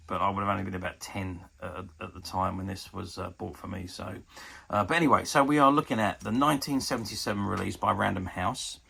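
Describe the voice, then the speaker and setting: A man's voice: low voice, creaky, sharp tone, a little hiss or hum. A man in his fifties giving a chatty, hesitant show-and-tell review of a collectable toy book. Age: 50s. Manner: chatty and hesitant, often pausing with ums.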